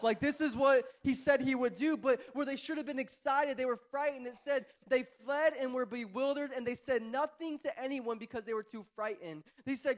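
A man with a high voice preaches to his congregation. His delivery is animated and conversational, full of playful asides to the crowd. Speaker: pastor. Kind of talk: sermon.

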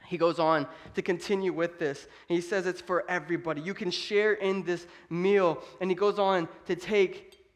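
A man's voice: sits high, steady tone, normal speed. A man preaching a sermon as pastor, in an emphatic, conversational way. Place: church.

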